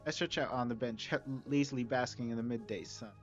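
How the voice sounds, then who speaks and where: Man reading a game's narration on stream, mid-pitched, casual asides, soft music under a slightly dull mic. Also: a little fast. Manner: relaxed, chatty, self-correcting. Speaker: streamer reading a visual novel mod.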